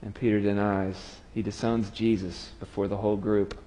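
A man preaching a sermon, retelling a story with dramatic swings from lively to hushed. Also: lowish voice, moderate pace. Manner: storytelling, dramatic drops to quiet. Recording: long hall reverb.

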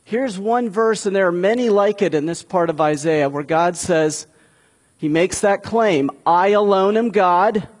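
A man's voice: sits high, unhurried, darkish tone, slightly rough. A man preaching a sermon in a conversational way, building to emphatic peaks. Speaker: pastor.

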